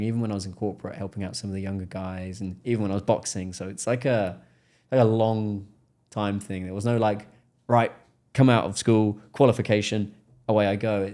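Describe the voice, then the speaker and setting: An English man, a podcast guest, telling stories in a relaxed interview and acting out the people in them. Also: on the low side. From England. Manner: animated storyteller, acts out quoted voices. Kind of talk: casual interview storytelling.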